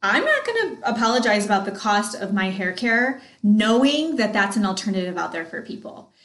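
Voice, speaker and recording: A woman in her thirties talks sales on her podcast, excited and chatty. She speaks to her listeners directly. Her voice sits in the middle, and the room gives it a noticeable echo. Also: medium pitch, normal speed. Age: 30s. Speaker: podcast host and sales coach. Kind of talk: casual motivational talk.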